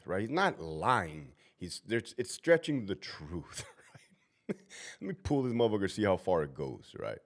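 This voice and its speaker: A man's voice: fairly low pitch, normal speed. A middle-aged man, a former prison officer, giving a casual, profane monologue full of stories and asides. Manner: profane, animated storytelling with asides.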